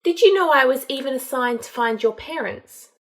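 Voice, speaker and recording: A woman's voice: sits high, expressive, normal speed, voice pushed up. A woman reading a fan fiction audiobook, voicing a young male wizard who coldly confesses past killings in a matter-of-fact way. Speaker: audiobook reader.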